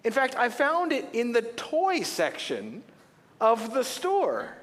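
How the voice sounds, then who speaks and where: With an extremely high pitch that swoops wildly, a middle-aged pastor delivers a sermon in a church auditorium, telling humorous, animated stories. He takes his time, his tone fairly bright, and the hall's long reverb lingers around him.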